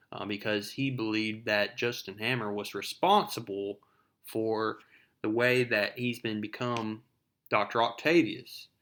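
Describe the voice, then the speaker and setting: A man's voice: medium pitch, fairly bright tone. A man casually retelling a comic book story in a conversational, storytelling way.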